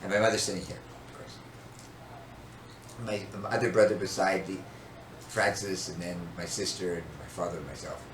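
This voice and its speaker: An older man and podcast co-host, telling a story in casual chat with an animated, dramatic manner. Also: low-pitched, moderate pace, pauses often. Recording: echoey room, distant mic, faint noise.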